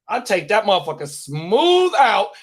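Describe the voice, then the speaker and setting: Brief: a slightly high-voiced man co-hosting a podcast, laid-back and profane. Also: wildly swooping pitch, a little slow. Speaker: podcast co-host. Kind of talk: casual chat.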